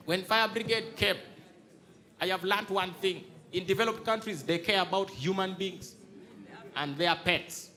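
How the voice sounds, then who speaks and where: A Ugandan man with a Ugandan English accent, performing stand-up comedy on a theatre stage and acting out the people in his stories. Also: high-pitched. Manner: animated storytelling, acting out voices. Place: large theatre stage before a live audience. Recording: live theatre recording with crowd noise. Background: audience laughter.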